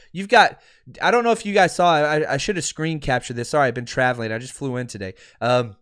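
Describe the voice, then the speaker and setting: A man hosting a sports podcast, ranting with big swings between outbursts and laughing asides. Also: high-pitched. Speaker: podcast host. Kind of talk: fired-up sports podcast rant. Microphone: streaming podcast mic.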